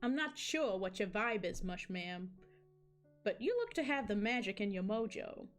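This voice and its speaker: A woman's voice: medium pitch, big pitch swings, faint music behind, natural voice. A woman voicing a brash male Cupid with a greaser manner and slangy showman patter. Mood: pushy, slangy. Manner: slangy, fast-talking showman.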